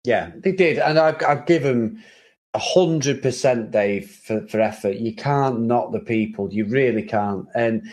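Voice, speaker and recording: A man's voice: mid-range voice, measured pace, darkish tone. A man co-hosting a casual chat about an old film, talking freely with many restarts and frequent laughs. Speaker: podcast co-host.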